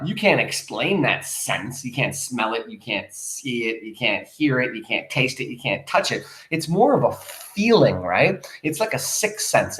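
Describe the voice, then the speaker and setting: A male teacher reading a play aloud and explaining it to his students, in an animated way, speaking straight to the class. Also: medium pitch, roomy sound.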